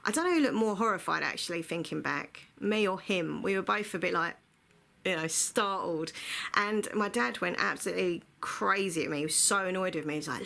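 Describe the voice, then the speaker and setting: A woman's voice: on the low side, a little fast, creaky, bright, forceful tone. A woman telling a rambling, chatty storytime to her vlog audience, full of filler words. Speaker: vlogger. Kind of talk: casual storytime monologue.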